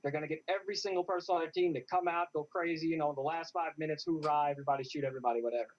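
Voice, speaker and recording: A man, a guest in an interview, telling a lively story and acting out what others said. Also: fairly high pitch, rapid-fire, slight background noise. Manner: animated, acts out what others said. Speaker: interview guest, airsoft player. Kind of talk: casual storytelling. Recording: dull lo-fi sound.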